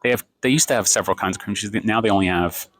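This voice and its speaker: A man's voice: fairly low pitch, very fast, a bit bright. A man in his fifties ranting sarcastically in a vlog, filming himself on a phone in a café. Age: 50s. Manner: exasperated, sarcastic, rambling. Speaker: vlogger. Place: café, indoors.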